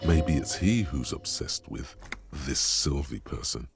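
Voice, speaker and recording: A man voicing the brooding inner-voice narrator of a detective video game, deadpan and insinuating. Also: extremely low pitch, slow pace, vocal fry, faint music behind, full character voice.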